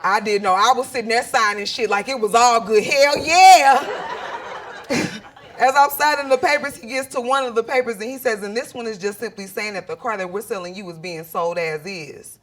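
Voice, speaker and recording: A woman telling a profane stand-up story with animated delivery, shouting out her punchlines. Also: fairly high pitch, quick pace, few pauses. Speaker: stand-up comedian and interviewer.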